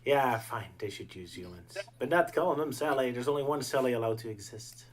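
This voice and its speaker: Dutch-accented man hosting a casual podcast chat. He speaks at a middling pitch and jokes in a dry, wry way. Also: brisk. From Netherlands. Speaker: podcast host.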